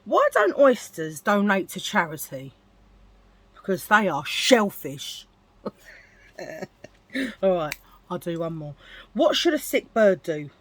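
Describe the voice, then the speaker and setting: A woman's voice: fairly low pitch, sing-song, slow pace, pauses often, dry recording. A woman chatting casually as a beauty vlogger, self-mocking and laughing at her own corny jokes. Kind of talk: casual get-ready-with-me chat.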